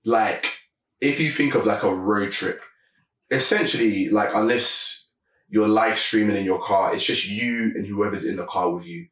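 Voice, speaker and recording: A man's voice: on the low side, unhurried, a bit bright, distant mic. Musing man in an echoey room. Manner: musing, thinks aloud with many fillers. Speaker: music reaction host. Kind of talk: casual reaction commentary. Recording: echoey room, away from the mic.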